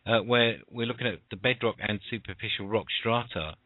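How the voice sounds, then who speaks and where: A man's voice: lowish voice, fairly quick, dry recording. A British man hosting an internet radio show, chatty and rambling, full of fillers and restarts. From United Kingdom. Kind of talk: casual internet radio chat. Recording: dry, phone-like call audio.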